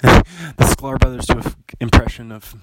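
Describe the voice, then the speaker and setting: A man's voice: mid-range voice, moderate pace, very noisy. Rambling, laughing young man. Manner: rambling, laughs often, lots of likes. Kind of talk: casual chat.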